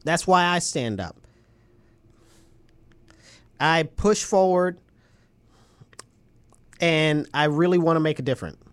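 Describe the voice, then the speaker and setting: A man's voice: a little high, expressive, slow, pauses often, fairly bright tone, smooth. A man from New York State delivering an agitated political rant, emphatic and repetitive with many rhetorical questions. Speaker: local political commentator.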